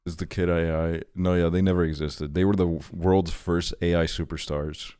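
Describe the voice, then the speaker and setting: A man with a very low voice reacts to videos on a live stream, cursing casually and laughing in disbelief. The sound is close and dry, with no room around it. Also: steady tone, normal speed, warm tone, clean tone, no echo. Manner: profane, laughing, incredulous reactions. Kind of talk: livestream reaction commentary.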